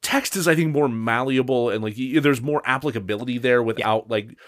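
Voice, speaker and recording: A man's voice: medium pitch, fairly quick, fairly bright tone. Rambling casual man with many fillers. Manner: rambling, many fillers and restarts, laughs often. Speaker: podcast co-host. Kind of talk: casual chat.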